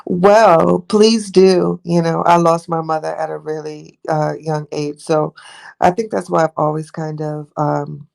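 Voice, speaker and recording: A woman's voice: deep voice, level tone, normal speed, creaky, darkish tone. A young woman hosting a livestream, chatting and rambling affectionately with her viewers. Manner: rambling, affectionate, talks to chat by name. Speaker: livestream host. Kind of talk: casual live chat with viewers.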